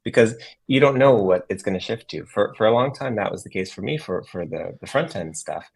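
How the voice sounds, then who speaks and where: A low-voiced man co-hosts a relaxed web development stream, easygoing and quick to agree. His voice is deep and a little husky. He talks through ideas in an unhurried, friendly way. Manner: easygoing, agreeable, frequent short replies. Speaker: co-host. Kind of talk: casual livestream chat about web development.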